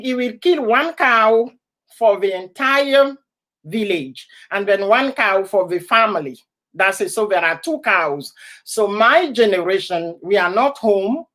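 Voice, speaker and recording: A woman's voice: mid-range voice, fairly bright tone. A woman from Ivory Coast hosting a casual live stream, often laughing and greeting viewers by name. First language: an Ivorian language.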